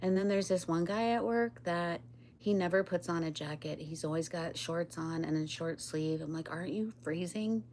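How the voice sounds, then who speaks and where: A woman's voice: on the low side, flat delivery, normal speed, a little mellow, a little hiss or hum. A woman chatting casually on a live stream, rambling, laughing often and talking to her pets and viewers.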